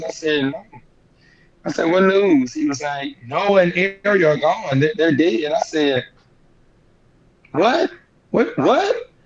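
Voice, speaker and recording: A young man telling a painful family story in an interview, halting and repeating himself, his voice rising when he relives the shock. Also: a little high, muffled recording. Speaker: guest singer.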